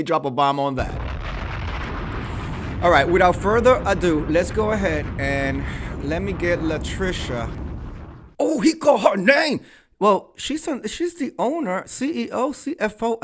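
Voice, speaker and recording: Sassy high-voiced man hosting a livestream. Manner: sassy, theatrical, mocking. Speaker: livestream host. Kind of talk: casual livestream commentary.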